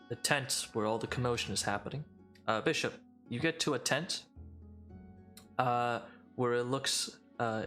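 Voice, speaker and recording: A man's voice: lowish voice, fairly bright tone. Rambling male game master with faint music. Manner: rambling, many fillers and restarts. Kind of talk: narrating a tabletop game.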